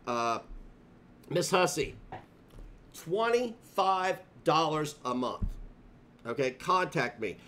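A man's voice: a little high, very animated, slow, long pauses, pushed and bright, slight background noise. A male live streamer delivering a profane, confrontational rant full of taunts. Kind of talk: livestream rant.

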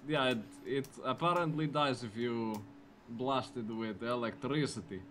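Slow-talking man playing a game character. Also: medium pitch, a bit bright, a little hiss or hum. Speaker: player. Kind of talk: in-character tabletop role-play.

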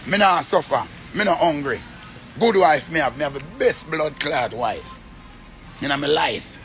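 A man's voice: on the high side, lively intonation, a little slow, gravelly, a bit bright, soft background music. A man with a Jamaican accent, rambling and swearing in a casual rant to his viewers. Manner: rambling, repetitive, swears often.

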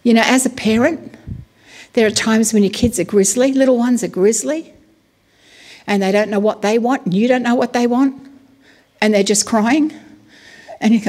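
Chatty, animated middle-aged woman preaching. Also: on the high side, moderate pace, long pauses. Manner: animated, chatty, full of asides and acted-out prayers; conversational with frequent "you know". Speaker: pastor. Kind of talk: sermon.

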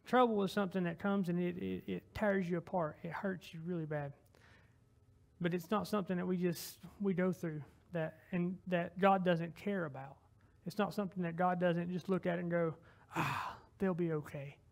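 A young Southern man preaching a casual sermon in a high, gravelly voice. He rambles in a folksy, self-deprecating way, stops and restarts his sentences often, and leads straight into a heartfelt closing prayer. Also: steady tone, normal speed. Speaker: lay preacher.

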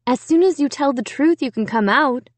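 A woman's voice: high-pitched, lively intonation, normal speed, dry recording, voice pushed up. A woman voicing a patient but firm mother calling to her daughter through a door in a storybook reading. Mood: coaxing.

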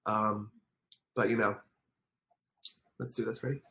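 A young adult hosting a casual home livestream, reading viewer comments aloud, effusive and quick to laugh, sometimes cooing baby talk to a dog. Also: medium pitch, level tone, a bit bright. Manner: giggly and effusive, laughs often. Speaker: livestream host.

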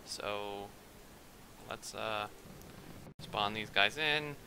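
Excitable young man with a bright voice. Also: lowish voice, a little hiss or hum, low-quality recording. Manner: rambling, excitable, quick to get worked up. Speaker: let's play gamer. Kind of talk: gameplay commentary.

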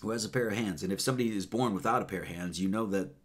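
A man's voice: on the low side, racing. A man giving a loose, rambling sermon, counting numbers aloud with many fillers and casual asides. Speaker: preacher.

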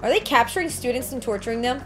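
A woman hosting a live game playthrough, excitable and jumpy, yelping and repeating herself when scared. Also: on the high side, fast talker, music in the background. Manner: excitable, jumpy, full of frightened yelps and exclamations; mild swearing, repeats herself when nervous. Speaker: host.

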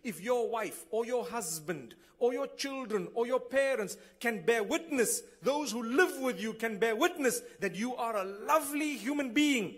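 Man, high-pitched, preaching, earnest, rhetorical questions, builds to loud exclamations. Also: expressive, unhurried, hardly any pauses. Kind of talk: sermon. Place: gathering hall.

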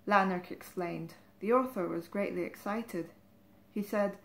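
A woman reading from a novel aloud in a measured, even narrating voice. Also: mid-range voice. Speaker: reader.

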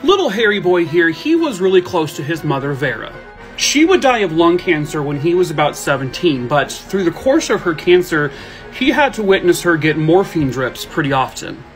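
A man's voice: on the high side, big pitch swings, moderate pace, faint music behind. Wry man narrating true crime. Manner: wry, jokey asides to the subject.

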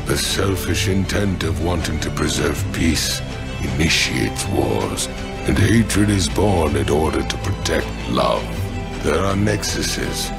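A man voicing a menacing, grim ninja warlord in a slow, solemn monologue with a deep, demonic voice. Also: creaky, heavily acted. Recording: loud dramatic music behind.

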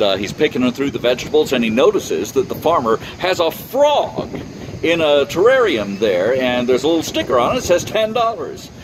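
A man telling a joke in a relaxed, folksy way, outdoors near a road. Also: medium pitch. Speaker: joke teller. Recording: outdoor traffic noise.

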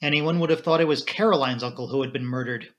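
A man voicing a nosy, sharp-tongued middle-aged spinster in an audiobook reading. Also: medium pitch, fast, muffled recording, lightly acted. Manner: sharp, dismissive.

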